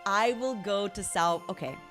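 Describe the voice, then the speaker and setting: A woman's voice: mid-range voice, measured pace, a bit bright, soft background music. A woman streamer chatting casually with her audience in a playful motherly persona, calling viewers honey and darling. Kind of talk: casual live-stream chat.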